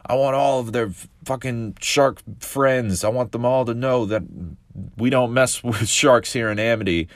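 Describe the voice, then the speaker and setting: A man's voice: mid-range voice, steady tone, moderate pace, no echo, voice pushed up, natural voice. A vengeful mother who talks like a mafia boss, as a man puts her on, piling up over-the-top threats in a raised voice. Her tone is dry and close, with no room around it. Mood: menacing. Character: vengeful grieving mother, mob-boss menace.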